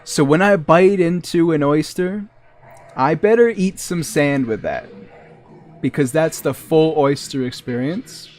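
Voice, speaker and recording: With a New England accent from Massachusetts, this man rambles and chuckles through casual talk as he streams a game. His voice is on the high side and a bit dark in tone, with expressive delivery at a measured pace.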